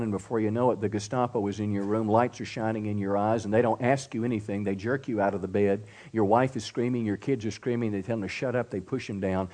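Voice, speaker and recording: A middle-aged pastor with a lowish voice preaches a sermon at a church service. He's emphatic, calling out "come on," and drops into hushed tones for storytelling.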